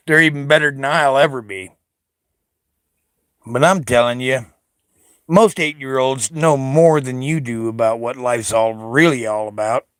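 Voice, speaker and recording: A man's voice: a little high, a bit bright, no room sound, studio quality. An older man from the United States, a Navy veteran, delivering an angry, profane political rant, confrontational and taunting.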